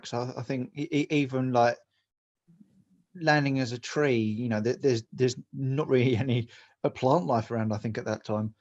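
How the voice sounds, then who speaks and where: An easygoing man guesting on a casual podcast, hesitant as he thinks aloud. His voice is mid-pitched and comes through a dull, lo-fi remote connection. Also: steady tone, normal speed, darkish tone.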